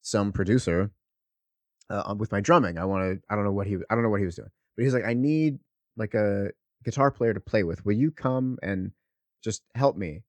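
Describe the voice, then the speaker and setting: A man co-hosting a podcast, telling stories in a casual, animated, profane way. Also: fairly low pitch, brisk, dry recording. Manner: profane, animated storytelling with laughs. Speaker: podcast co-host. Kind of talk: casual chat, storytelling.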